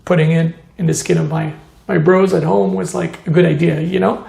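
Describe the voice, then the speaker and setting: Man, tattoo artist, interview storytelling, high voice, heavy vocal fry, echoey room. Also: fairly quick. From Montreal, Canada. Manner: animated, acts out quoted voices, many "you know" fillers.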